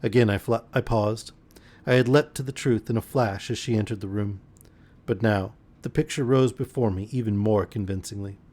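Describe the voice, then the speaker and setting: A man with a lowish voice reads a novel aloud as a bedtime story on a live stream. His reading is expressive, and now and then he breaks off for a wry comment. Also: moderate pace.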